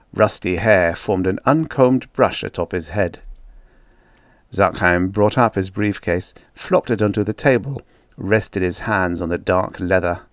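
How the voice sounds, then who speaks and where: A man reading a science fiction story aloud as an audiobook narrator, in a steady, descriptive manner. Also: fairly low pitch, no echo, studio quality. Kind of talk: scripted narration.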